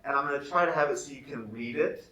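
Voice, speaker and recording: A man teaching a remote music lesson, leading students through rhythms in slow, patient call and response. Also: medium pitch, bright, forceful tone, a little hiss or hum. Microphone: camera set away from him. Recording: echoey room, far from the mic.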